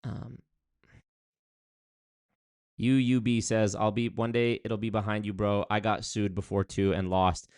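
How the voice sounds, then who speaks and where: A young man with a lowish voice talks casually to his livestream audience. He rambles through viewer comments, restarting sentences and leaning on fillers as he goes. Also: flat delivery, measured pace, pauses often, darkish tone, no room sound, clean studio sound. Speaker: streamer reading chat.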